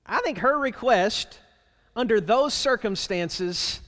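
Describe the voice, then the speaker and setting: High-voiced pastor preaching in a reverberant hall. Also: male voice, expressive, a little slow, sharp tone. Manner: conversational, with rhetorical questions to the congregation; plainspoken and wry. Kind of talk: sermon. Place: church sanctuary.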